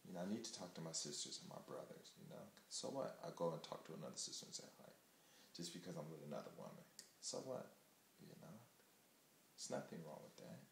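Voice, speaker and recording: A man's voice: extremely low pitch, big pitch swings, fairly quick, creaky, echoey room, a little hiss or hum. A man from the United States talking casually and candidly to the camera, rambling and emphatic. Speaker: vlogger. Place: Japan.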